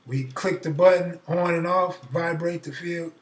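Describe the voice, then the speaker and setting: Animated storytelling man in an echoey room. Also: on the high side, moderate pace, hardly any pauses, distant mic. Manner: animated storyteller, acts out voices, profane. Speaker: live stream host. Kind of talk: casual storytelling.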